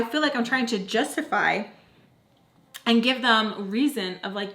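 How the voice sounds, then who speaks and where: A woman's voice: on the high side, normal speed. A young woman telling a personal storytime to her viewers in casual slang, acting out the voices of the people in it. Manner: animated, acts out quoted dialogue. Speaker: vlogger. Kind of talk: storytime narration.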